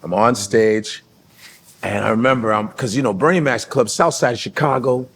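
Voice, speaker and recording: A man from the United States, a comedian co-hosting the show, telling stories in a lively way and acting out other people's voices. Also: medium pitch, moderate pace, gravelly, slight background noise. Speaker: co-host and comedian. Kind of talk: animated comic storytelling.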